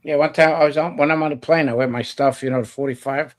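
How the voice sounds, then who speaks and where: A man talking plainly and calmly in casual chat. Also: on the high side, fast.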